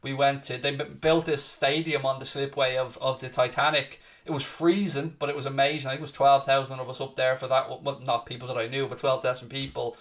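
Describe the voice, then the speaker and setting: A man's voice: mid-range voice, flat delivery, brisk, few pauses, fairly bright tone. An Irish man hosting a live football watchalong, chatting casually and answering viewer questions, calling people "mate". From Ireland. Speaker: watchalong host. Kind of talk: casual live-stream chat.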